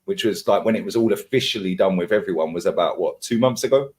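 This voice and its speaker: Young male host, low voice, rapid teasing banter. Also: darkish tone. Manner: teasing, laughs, quick banter. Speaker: show host. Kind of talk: casual football debate.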